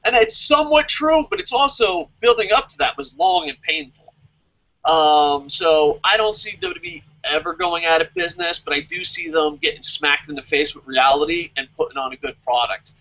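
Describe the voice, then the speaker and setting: A man hosting a wrestling question-and-answer vlog, talking in an animated, sarcastic way and swearing freely. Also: fairly high pitch, moderate pace, poor audio. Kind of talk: casual opinionated commentary.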